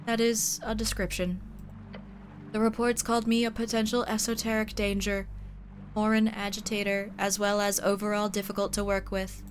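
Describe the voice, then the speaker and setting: A woman reads a detached, otherworldly angel from a fantasy game. The delivery is stiff and formal, held to a flat monotone with almost no pitch movement. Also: normal speed, slight background noise, close to an everyday voice. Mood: cold formal. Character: cold monotone female angel, creature of light. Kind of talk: reading game dialogue aloud.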